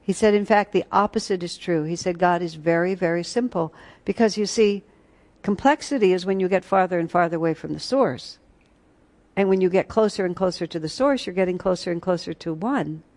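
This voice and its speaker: A woman's voice: on the low side, brisk, a little mellow. A woman teaching a retreat class, telling stories and breaking into snatches of song. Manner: storytelling, breaks into sung snatches and laughs. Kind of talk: spiritual class talk.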